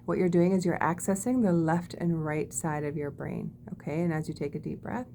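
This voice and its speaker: A woman teaching body-calming techniques in a gentle, demonstrative way, often checking in with "okay?". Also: low voice, moderate pace, a little hiss or hum. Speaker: wellness teacher. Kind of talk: guided body-calming lesson.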